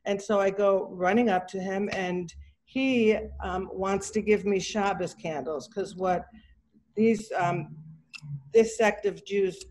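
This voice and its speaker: Speaking slowly with a mid-range, darkish voice and fairly even intonation, a middle-aged artist shares a loose, chatty story on a video call as part of a talk. She acts out the quoted dialogue of her characters and often uses fillers and restarts.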